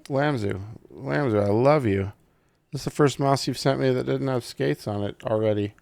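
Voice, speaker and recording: A man reviews a gaming mouse in loose unboxing commentary, swearing, getting excited, and joking with his audience as a tech reviewer. He talks at normal speed in a gravelly, medium-pitched voice, recorded dry.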